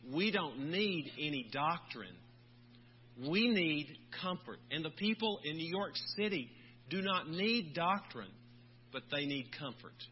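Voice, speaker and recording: Man preaching in a measured, deliberate way. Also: on the high side. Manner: measured preaching, slowing on key words. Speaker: pastor. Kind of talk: sermon. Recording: dull lo-fi recording with faint hum.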